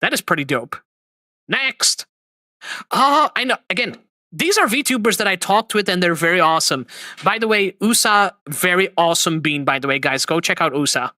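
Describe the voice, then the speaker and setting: A man hosting a livestream, reacting to clips with expressive, mock-outraged chatter. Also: high-pitched, normal speed, dry recording. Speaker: streamer host.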